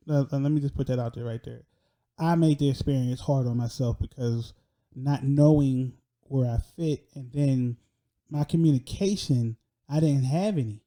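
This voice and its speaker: A young man telling a personal story in an animated, slangy way, often laughing. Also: mid-range voice.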